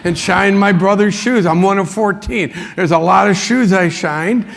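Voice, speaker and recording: A man's voice: high voice, moderate pace, vocal fry. A man giving a motivational keynote in a large conference hall, telling folksy anecdotes and chuckling often. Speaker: motivational speaker. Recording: long hall reverb.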